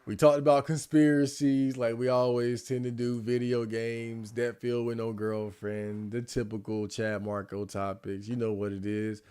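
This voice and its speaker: A man's voice: mid-range voice, little pitch movement, normal speed, few pauses, warm tone, smooth. Male streamer, casual rant, mid-range voice, rambling restarts. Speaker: livestreamer. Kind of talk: casual livestream chat.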